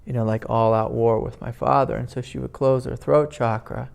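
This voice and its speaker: A man, a spiritual teacher, giving a gentle, rambling talk at a meditation retreat, full of "you know" fillers. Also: medium pitch, steady tone, moderate pace, gravelly. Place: indoor retreat meeting room.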